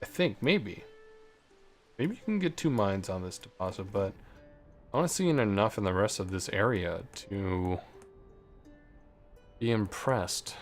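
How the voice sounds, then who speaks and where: A man casually commenting while he plays a game, muttering to himself and swearing freely when something excites him. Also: on the low side, a little slow, pauses often. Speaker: gameplay streamer. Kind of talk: casual let's play commentary. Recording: faint music behind.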